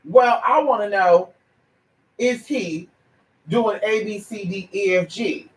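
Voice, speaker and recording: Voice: medium pitch, slow pace, echoey room, recorded from a distance, a little hiss or hum, natural voice, low-quality recording. A psychic livestreamer voicing a woman client who rambles and asks vague, hesitant questions. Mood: tentative. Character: adult woman client seeking a psychic reading.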